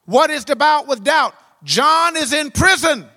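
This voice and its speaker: A man preaching a sermon in a large hall, his voice high-pitched and strikingly bright. He swings between loud, soaring exclamations and hushed, low asides. A long reverb trails behind every phrase. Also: animated, unhurried. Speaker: pastor.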